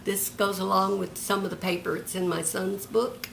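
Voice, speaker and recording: A woman's voice: mid-range voice, level tone, moderate pace, creaky, a little hiss or hum. An older retired woman showing off a handmade journal in a homey, chatty show-and-tell, describing each piece one by one. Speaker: craft vlogger.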